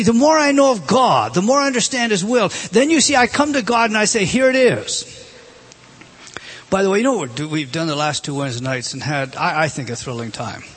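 Husky-voiced preacher man, high-pitched. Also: a bit bright. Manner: rising and dropping emphatically, direct questions to the congregation. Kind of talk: sermon.

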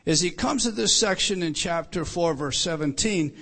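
Earnest preacher man, higher voice. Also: expressive, gravelly, fairly bright tone, slightly rough. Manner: earnest, with frequent repeated words and emphatic slowing. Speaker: pastor. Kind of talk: sermon.

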